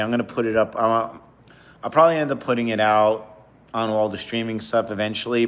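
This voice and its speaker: Rambling, low-voiced man streaming live. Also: fairly bright tone. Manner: rambling, talks while eating. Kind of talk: casual live-stream chat.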